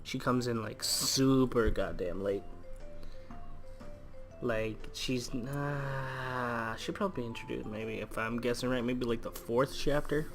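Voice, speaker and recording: A man's voice: mid-range voice, steady tone, slow pace, soft background music. Man reading a visual novel with jokey asides. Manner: reads story text aloud, breaks off into crude jokes. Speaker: let's play gamer reading a visual novel aloud. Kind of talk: casual let's play narration with jokey asides.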